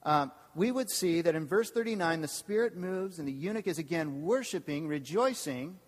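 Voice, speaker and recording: A man preaching as a campus pastor, lively and engaging, often asking the congregation questions. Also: fairly high pitch, moderate pace. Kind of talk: sermon. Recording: long hall reverb.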